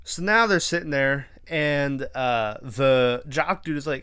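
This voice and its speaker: A man's voice: medium pitch, a little slow, few pauses, pushed and bright, clean tone. A young man hosting a podcast, casually recapping a horror movie in a rambling, profane way and acting out the characters' lines. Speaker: podcast host.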